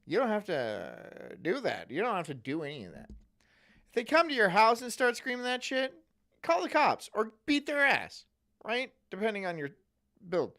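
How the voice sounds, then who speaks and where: A man's voice: high voice, wildly swooping pitch, normal speed, creaky, a bit bright. A man streaming, chatting casually in profane, rambling rants. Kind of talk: casual chat.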